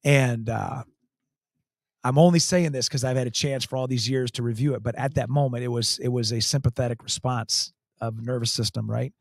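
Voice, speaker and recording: A man's voice: medium pitch, steady tone, normal speed, vocal fry, no room sound, studio quality. A man, a county sheriff, telling a story in an interview, emphatic and earnest, repeating key phrases. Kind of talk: storytelling in a talk show interview.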